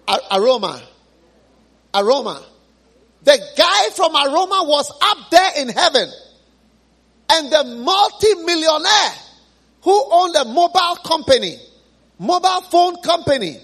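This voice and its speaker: A man's voice: extremely high pitch, lively intonation, moderate pace, pauses often, fairly bright tone. A man preaching a sermon in a church, retelling a story with dramatic exclamations.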